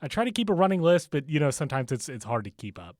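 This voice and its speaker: A man's voice: fairly high pitch, big pitch swings, fast talker, darkish tone, dry recording, clean studio sound. A man hosting a podcast in a chatty, casual way, laughing at his own jokes and using many fillers, recorded in a bookstore. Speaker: podcast host.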